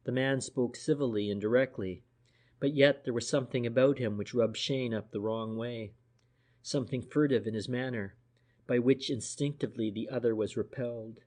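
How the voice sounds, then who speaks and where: A man reading a classic detective novel aloud in a measured, unhurried way. His voice sits at an everyday middle pitch. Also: steady tone, darkish tone. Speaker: audiobook narrator. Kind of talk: scripted narration.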